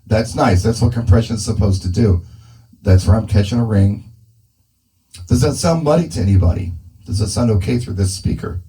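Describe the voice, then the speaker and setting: A man's voice: fairly low pitch, normal speed, mellow, rough recording. A man testing a microphone through a speaker indoors, thinking aloud casually as he adjusts the settings. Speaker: mobile DJ testing gear. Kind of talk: casual demo talk. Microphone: handheld dynamic mic through a PA speaker.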